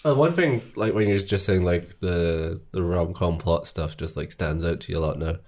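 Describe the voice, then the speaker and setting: A man's voice: sits low, normal speed, a little mellow. A man co-hosting a podcast, chatting casually with dry, wry jokes and chuckles. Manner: dry, wry jokes, laughs at own lines. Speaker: podcast co-host. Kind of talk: casual chat about films.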